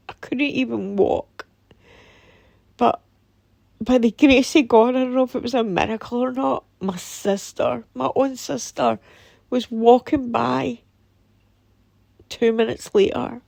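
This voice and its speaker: A Scottish woman telling a painful personal story in a halting, somber way, with many pauses and restarts. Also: on the high side, gravelly, a little mellow, no room sound. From Scotland. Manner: somber and emotional. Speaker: vlogger. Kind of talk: personal testimony.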